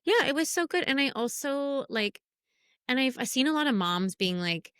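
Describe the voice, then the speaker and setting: A woman's voice: sits high, expressive, normal speed, fairly bright tone, smooth, no echo, clean studio sound. A woman in her thirties co-hosting a podcast, talking in a rambling, filler-heavy way and laughing easily. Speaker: podcast co-host. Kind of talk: casual chat.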